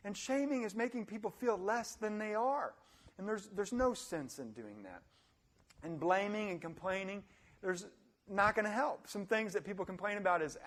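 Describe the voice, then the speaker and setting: A young adult man giving a motivational talk, animated, acting out complainers in high voices. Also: normal speed. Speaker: motivational speaker.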